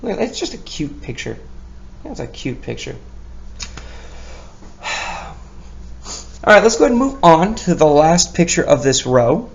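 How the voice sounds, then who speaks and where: A male teacher leads a children's spelling lesson at an unhurried pace. His fairly high voice carries a heavy gravelly fry. He sounds out each letter patiently and keeps praising the kids. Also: very animated, dull audio, a little hiss or hum. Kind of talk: recorded lesson for young children.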